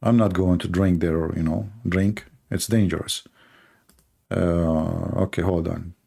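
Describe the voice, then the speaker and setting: A man with a gravelly, dark-toned voice riffs through a live-stream monologue. He jokes and teases as he talks, stumbling over his grammar and restarting his sentences. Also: low voice. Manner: animated, joking, teasing, with halting non-native grammar. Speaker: live-stream show host.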